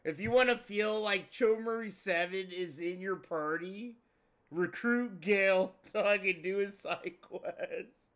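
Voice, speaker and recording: A man commenting on a gameplay video in casual, profane chat, excitable and swearing often. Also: high voice, unhurried. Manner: excitable, swears a lot, says bro often. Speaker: streamer reacting to a gameplay video.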